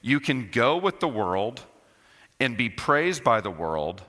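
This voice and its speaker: Emphatic preacher, bright voice in a hall. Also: male voice, very animated, takes it slowly. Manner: emphatic, repeats key phrases, swings between loud and low. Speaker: pastor. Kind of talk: sermon. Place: church sanctuary. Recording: long church hall reverb.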